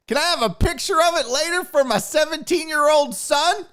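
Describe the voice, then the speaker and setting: A man's voice: very high voice, normal speed, voice pushed up. A man voicing an overbearing, preachy middle-aged dad who chats up strangers on a plane. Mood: overbearing chummy. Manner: loud, chummy, overbearing.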